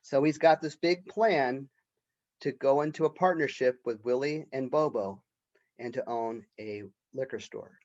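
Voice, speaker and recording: A man's voice: medium pitch, a little slow, darkish tone, muffled recording. A male college professor giving a recorded literature lecture in a conversational way, often checking in with "right?".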